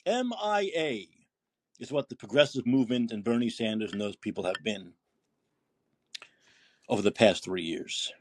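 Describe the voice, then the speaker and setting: A man with a lowish, husky voice speaks at normal speed in a steady tone, pausing often, in a dry recording. Hosting a political call-in podcast, he delivers an indignant, heated monologue of political commentary, swearing, using rhetorical questions, and reading listener posts aloud.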